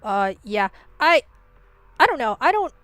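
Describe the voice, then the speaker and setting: A woman's voice: a little high, big pitch swings, measured pace, fairly bright tone, no echo. A woman streaming a game and chatting casually with her viewers, rambling and swearing freely, with many "like" fillers and restarts. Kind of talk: casual live-stream chat while gaming.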